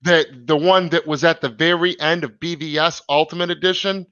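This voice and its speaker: A man's voice: on the high side, fairly even intonation, normal speed, pushed and bright, clean tone, no echo, muffled recording. A man hosting a casual live stream, reading comments and rambling with many fillers and restarts.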